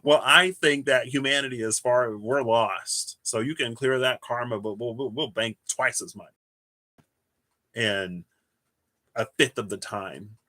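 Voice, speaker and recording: A man giving a casual livestream tarot reading, thinking aloud in a rambling way with restarts and soft chuckles. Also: mid-range voice, unhurried, no room sound. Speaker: tarot reader.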